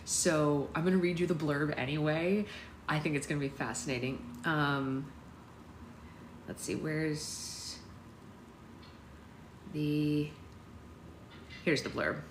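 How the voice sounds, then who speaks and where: A woman's voice: sits low, steady tone, slow pace, pauses often. A woman hosting a casual book club livestream from home, greeting viewers by name and reading aloud. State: hiccups. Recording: echoey room with faint noise.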